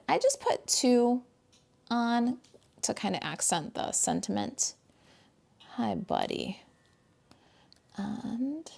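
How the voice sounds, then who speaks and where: Her voice is mid-range, creaky and a little mellow. This woman from the United States works through a live card-stamping demo at her home craft desk, talking chattily with viewers and with her dog along the way.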